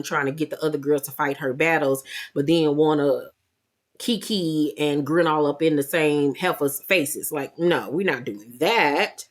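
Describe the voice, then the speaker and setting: Woman host, sassy and blunt, low-ish voice, casual show-recap commentary.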